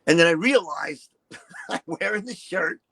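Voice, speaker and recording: Man, 60s, high-pitched voice, retired stage act, candid and foul-mouthed interview guest. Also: a little slow, husky, poor audio. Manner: profane, animated, acts out quotes. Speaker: interview guest, retired shock-rock performer.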